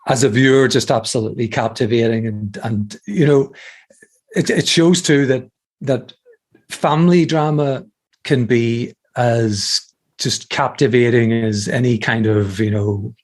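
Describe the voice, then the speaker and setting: A man's voice: medium pitch, steady tone, a little slow. A man joining a podcast as a guest, talking over a TV episode in a loose, hesitant way with frequent restarts. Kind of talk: casual discussion.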